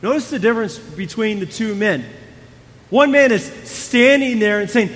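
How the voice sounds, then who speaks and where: High-voiced man preaching in an echoing hall. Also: expressive, normal speed. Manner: conversational, swings between hushed and emphatic. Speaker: pastor. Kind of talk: sermon.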